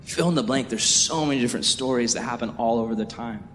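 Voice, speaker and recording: A young man giving a youth sermon as a youth pastor, jokey and animated, acting out the people in his stories. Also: fast talker. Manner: animated, jokey storytelling with acted-out voices. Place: church sanctuary. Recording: echoey hall with faint rumble.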